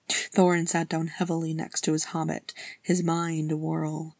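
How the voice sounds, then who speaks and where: Gravelly, husky woman narrating a story. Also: low-pitched, flat delivery, unhurried, darkish tone, dry recording, clean studio sound. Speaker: audiobook narrator. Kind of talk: fan fiction reading.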